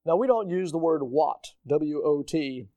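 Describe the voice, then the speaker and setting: A man preaching a sermon as pastor, emphatic and animated, addressing the congregation as folks. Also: a little high, unhurried, no room sound. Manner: emphatic preaching, mock-quoting people in put-on voices.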